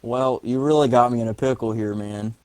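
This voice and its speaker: A man's voice: medium pitch, steady tone, brisk, a little mellow, clear, resonant tone, no echo. A man playing a tabletop game who talks hesitantly, jokes and swears. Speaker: player. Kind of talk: casual tabletop play.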